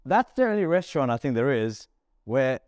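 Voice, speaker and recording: A man's voice: mid-range voice, brisk, clear, resonant tone, no room sound, clean studio sound. An Australian man hosting a podcast, telling a story with lots of acted-out quotes and laughter. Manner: animated storyteller, acts out quotes, laughs often. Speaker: podcast host. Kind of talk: casual chat, storytelling.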